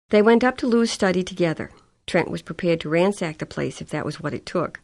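Low-voiced woman reading a novel. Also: lively intonation, fairly quick, creaky, a little mellow. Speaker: audiobook narrator. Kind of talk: scripted narration.

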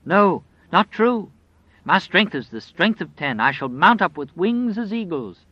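A very old, devout woman prays in a high, quavering voice, as a male narrator acts her out. She sounds fearful but defiant, and the recording is dry and a little dull. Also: big pitch swings, measured pace, no echo, exaggerated voice. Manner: quavering, pleading prayer.

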